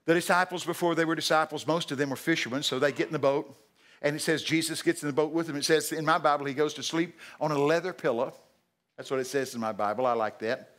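A man preaching a sermon at a church service, animated and jokey, breaking into shouted acted-out lines. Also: a little high, fast talker. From Texas.

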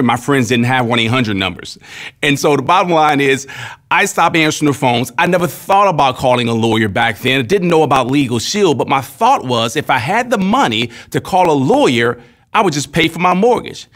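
A man in his thirties tells personal anecdotes in an earnest, steady manner. His voice sits at an ordinary middle pitch. He speaks as a spokesman in a promotional testimonial. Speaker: company spokesman.

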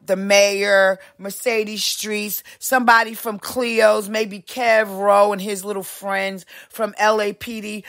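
A woman hosting a podcast, delivering a heated, profane ranting monologue with big swings in pitch. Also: a bit bright. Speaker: podcast host.

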